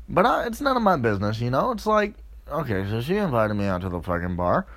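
A man's voice: very animated, quick pace. A man in his twenties telling a crude, rambling story in a swearing comedic rant. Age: 20s. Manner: jumps into loud, high-pitched mocking voices.

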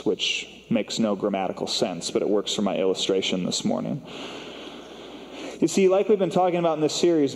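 A man serves as pastor, delivering a sermon in a relaxed, conversational manner with the odd filler and self-deprecating aside. His mid-pitched voice carries a long reverb from the church sanctuary around him.

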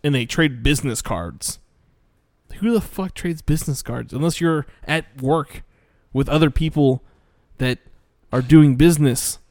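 A man's voice: fairly high pitch, lively intonation, measured pace, a little mellow, no room sound. Rambling, swearing man in dry close-up. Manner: rambling, swearing, laughing, trailing off. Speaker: podcast co-host reviewing bad movies. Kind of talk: casual profane chat.

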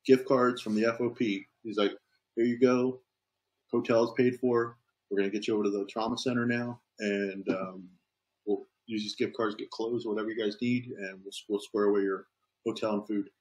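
A man's voice: on the low side, flat delivery, normal speed, a little mellow, rough recording. A police officer telling a story in a casual, easygoing way, often tossing in "man". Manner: easygoing, peppers talk with "man".

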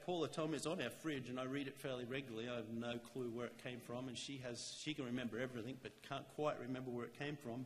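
A man giving a sermon in a church, talking earnestly and conversationally, slowing down to stress key lines. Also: mid-range voice, long reverb tail, a little hiss or hum. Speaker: lay church speaker. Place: church chapel.

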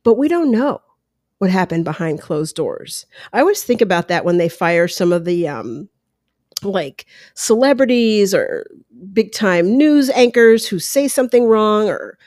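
A woman hosts a podcast from a room at home, offering casual solo commentary on her opinions, with asides and quoted voices. Her mid-range voice is sing-song, unhurried and a little mellow. She wears headphones on a close mic, and the clean studio-like sound has no echo, though a dog can be heard lapping water.

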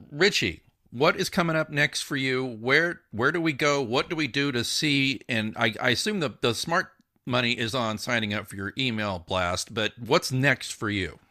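A man from the United States hosting a podcast interview, talking in an animated, emphatic way and laughing easily. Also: medium pitch, a little slow. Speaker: podcast host. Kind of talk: casual interview chat.

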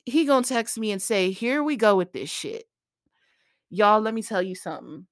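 A woman's voice: mid-range voice, moderate pace, no echo, clean studio sound. A woman in her thirties hosting a podcast, telling a story in a casual, exasperated way and acting out the quoted lines. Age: 30s. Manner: animated, exasperated retelling with quoted dialogue. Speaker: podcast host.

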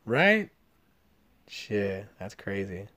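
A man's voice: fairly low pitch, very animated, very slow, bright, forceful tone. A young man hosting a podcast, telling rambling stories full of swearing in casual chat. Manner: profane, rambling storyteller. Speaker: podcast host. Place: Los Angeles area podcast room.

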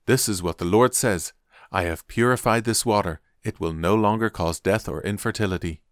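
A man's voice: on the low side, normal speed, no echo, clean studio sound, close to an everyday voice. A man reading the part of Elisha, an earnest, devoted young prophet, in a Bible story reading.

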